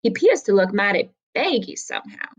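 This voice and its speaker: A sly frontier gambler drawls his offhand boasts in a folksy way, voiced by a woman reading a story aloud. His tone is easy and careless, with a mid-range pitch. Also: very animated, brisk, breathy edge, muffled recording.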